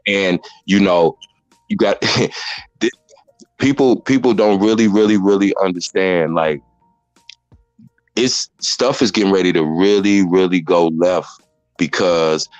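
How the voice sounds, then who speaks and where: A man's voice: low-pitched, takes it slowly, pauses often, no echo, muffled recording, soft background music. A man hosting a casual commentary chat, blunt and rambling as he explains things at length. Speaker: commentary host.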